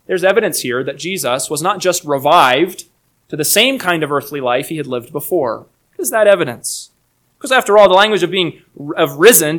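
A man preaching an expository sermon in an earnest, emphatic way, his delivery moving between soft and raised passages. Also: on the high side.

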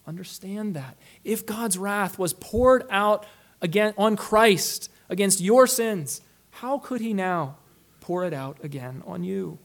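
A male pastor preaching a sermon in an earnest, emphatic way, swinging between loud stresses and quiet, low drops and slowing down on key phrases.

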